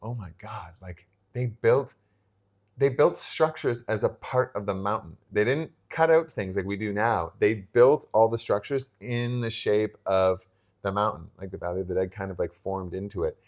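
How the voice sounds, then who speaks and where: A man's voice: lowish voice, moderate pace. A man co-hosting a podcast, telling reflective stories in casual chat with many fillers and restarts. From Pacific Northwest coast. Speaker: podcast co-host.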